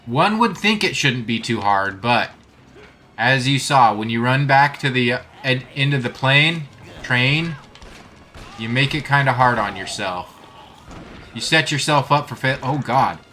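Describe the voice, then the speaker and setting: A man's voice: mid-range voice, expressive, a little slow, pushed and bright. A man giving casual, self-deprecating commentary while streaming a video game and greeting his chat.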